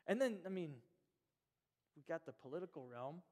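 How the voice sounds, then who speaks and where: A man from Nebraska preaches in a relaxed, animated, conversational way, slipping into quoted voices. His voice sits high for a man. The sound rings with the long reverb of a church hall. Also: fairly quick. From Nebraska, USA. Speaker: pastor. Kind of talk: sermon.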